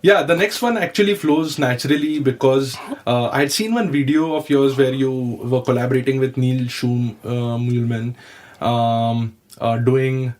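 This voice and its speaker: A man interviewing a guest, asking relaxed questions and humming short acknowledgements. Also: medium pitch, normal speed.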